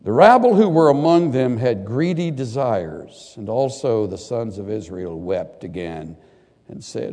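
An older man preaching a sermon in a large hall to students and faculty. He swings from loud, lively bursts to quiet, earnest asides. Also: medium pitch, measured pace. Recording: long hall reverb.

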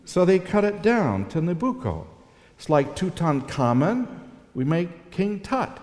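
A man's voice: fairly high pitch, darkish tone, in a large hall. A man telling a personal story in a sermon-style talk, earnest and reflective, with emotional swells. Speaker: speaker giving a talk.

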